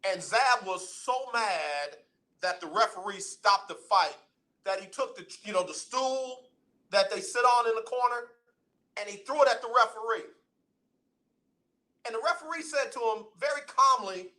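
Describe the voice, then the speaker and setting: A man hosting a radio talk show, delivering an animated, preachy sports monologue in colloquial speech. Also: sits high, unhurried. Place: radio studio.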